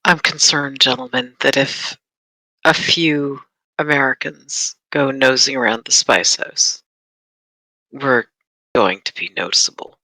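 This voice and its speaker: A player in a tabletop horror campaign, talking in character in a measured, formal way. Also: medium pitch, bright, forceful tone, dry recording, rough recording. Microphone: desk mic for an online stream.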